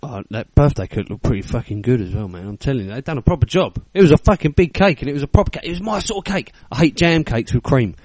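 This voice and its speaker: A man's voice: mid-range voice, expressive, quick pace, few pauses, darkish tone, no room sound. A British man in his thirties telling a funny story on a casual podcast, swearing freely and acting out the people in it. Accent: British English. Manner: swearing, laughing storyteller, acts out quotes. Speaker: podcast co-host.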